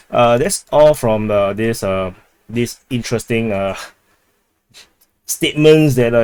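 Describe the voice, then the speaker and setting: A man's voice: medium pitch, a little mellow, dry recording. A man giving an unscripted war update, hesitant and wry, full of fillers and restarts. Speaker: military news commentator.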